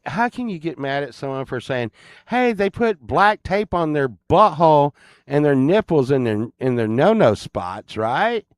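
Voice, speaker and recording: A man's voice: fairly high pitch, clean tone, no echo, studio quality. A man hosting his own channel, talking casually to viewers in a rambling, crude, joking way. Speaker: channel host.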